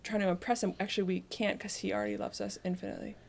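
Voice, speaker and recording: A woman's voice: medium pitch, level tone, very fast, creaky. A woman in casual faith conversation, affirming and reflecting on what her co-host says.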